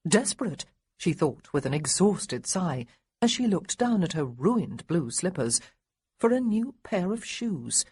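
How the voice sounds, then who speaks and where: A woman narrating an audiobook with lively, expressive storytelling. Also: on the low side, measured pace, slightly rough, no echo. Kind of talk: scripted narration.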